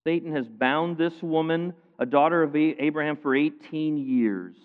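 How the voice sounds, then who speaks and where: Animated male preacher in a reverberant hall. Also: on the high side, normal speed, few pauses. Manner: animated preaching, swings between loud emphasis and quiet asides. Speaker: pastor. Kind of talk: sermon. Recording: phone-like sound with long hall reverb.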